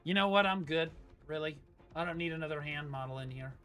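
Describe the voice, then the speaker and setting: A male streamer trades jabs while he plays, teasing and swearing freely. His voice sits somewhat high for a man, and a faint music bed runs under it. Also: a little fast, a bit bright, clear, resonant tone. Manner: teasing, profane, mock-insulting. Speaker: game streamer. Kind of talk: casual gaming banter.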